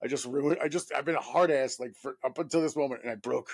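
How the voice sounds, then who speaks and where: A man in his thirties from New York, a guest actor telling a profane, animated story full of fillers. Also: mid-range voice, fast talker, husky. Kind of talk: casual anecdote telling.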